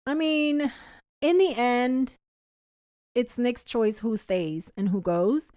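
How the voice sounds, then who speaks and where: A woman co-hosting a casual chat podcast, speaking forcefully and chiming in with quick agreement. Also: a little high, no room sound, clean studio sound. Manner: forceful, agreeing loudly with short interjections. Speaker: podcast co-host.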